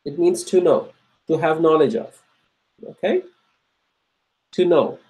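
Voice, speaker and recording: A man's voice: on the high side, dark tone, poor audio. A man teaching an Arabic grammar lecture, repeating each word and checking in with his students. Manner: repeats words slowly, asks checking questions. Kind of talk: classroom lecture.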